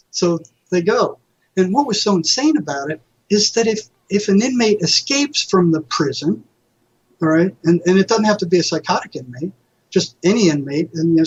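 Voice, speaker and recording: Husky man telling vivid stories, lo-fi sound. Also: high voice. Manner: vivid anecdotal storytelling, acting out quoted voices. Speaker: retired psychotherapist guest. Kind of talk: storytelling in a casual interview. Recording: dull lo-fi audio.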